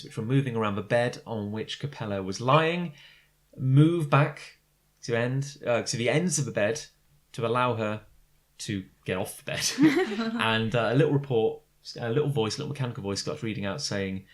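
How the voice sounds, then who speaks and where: A man's voice: medium pitch, lively intonation, normal speed. A man narrating as game master of a tabletop game, describing scenes with many fillers and restarts. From Britain.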